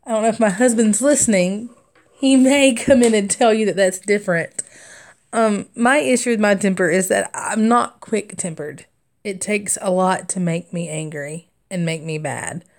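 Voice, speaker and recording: A young adult woman hosting a craft livestream, chatting casually and rambling through stories with frequent laughter and fillers. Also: mid-range voice. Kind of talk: casual storytelling chat while stitching.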